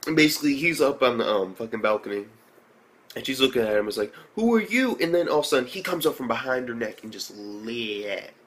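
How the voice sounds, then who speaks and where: An excitable young man talks through an anime episode in a loose, rambling way. He swears freely, piles up filler words and stays mid-pitched. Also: quick pace. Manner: rambling and profane, many fillers; excitable, jumps into high reactions. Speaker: anime reviewer. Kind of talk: casual recap and review.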